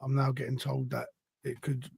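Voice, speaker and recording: A man, co-hosting a football fan podcast in animated, casual chat, often swearing. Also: medium pitch, normal speed, creaky, breathy edge, dry recording, clean studio sound. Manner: animated, laughing, swears freely. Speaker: podcast co-host.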